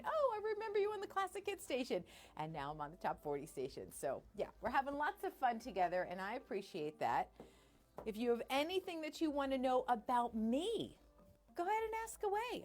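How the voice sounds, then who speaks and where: A woman's voice: medium pitch, a little mellow. A middle-aged woman radio host chatting casually on a live stream from her studio, bubbly and self-deprecating.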